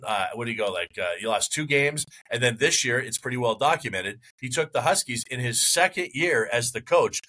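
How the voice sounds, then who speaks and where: Male podcast co-host, bright and forceful voice, rambling sports rant with mock outrage. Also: medium pitch, rough recording. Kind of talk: casual sports chat.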